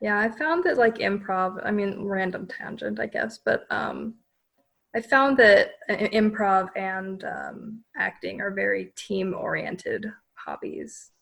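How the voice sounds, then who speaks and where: A young woman joins a podcast as a guest, talking casually and hesitantly, with plenty of fillers. Her voice has a gravelly fry to it. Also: medium pitch, lively intonation, slow pace, fairly bright tone. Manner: hesitant, lots of fillers, self-deprecating. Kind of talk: casual chat.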